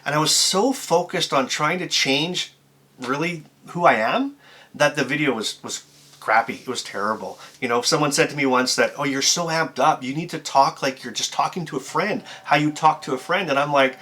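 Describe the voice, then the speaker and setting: A man's voice: fairly high pitch, normal speed, sharp tone. A man giving advice straight to camera as a YouTuber and motivational speaker, talking in an amped-up, emphatic, conversational way. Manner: conversational, with filler words and restarts. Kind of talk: to-camera tips video.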